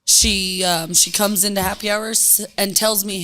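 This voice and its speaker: A woman bartender telling a lively story in casual chat, acting out the people in it. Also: mid-range voice, a little slow, few pauses. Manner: animated storyteller, acts out quotes. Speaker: bartender guest.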